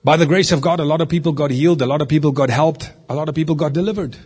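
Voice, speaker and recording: A middle-aged man delivers a teaching sermon with a husky, slightly breathy voice that sits a little high for a man. He speaks earnestly and conversationally, as a minister explaining scripture to his listeners. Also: rapid-fire, darkish tone.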